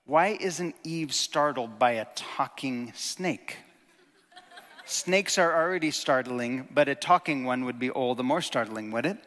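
A man preaching a sermon in a conversational, animated way, with jokes and sudden emphatic stresses. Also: mid-range voice, a little slow, big-room sound.

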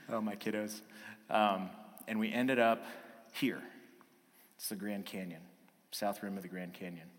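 Bright-voiced male pastor in a reverberant hall. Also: on the low side, slow pace, pauses often. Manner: storytelling, acts out his kids' voices. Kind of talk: sermon with personal story.

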